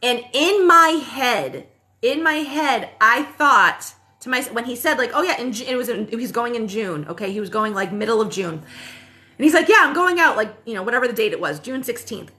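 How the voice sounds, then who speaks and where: A woman in her thirties chats on a phone livestream, her voice bright and a touch high. She rambles through a personal story, fills pauses with ums and corrects herself mid-sentence. She swears casually. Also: animated. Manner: rambling, full of fillers and self-corrections. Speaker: spiritual livestream host.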